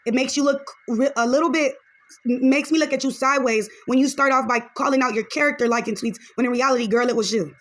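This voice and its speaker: Woman, podcast reaction host, high voice, quick talker, frank and chatty. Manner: chatty, frank, opinionated, drops in Spanish phrases. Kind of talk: casual reaction commentary.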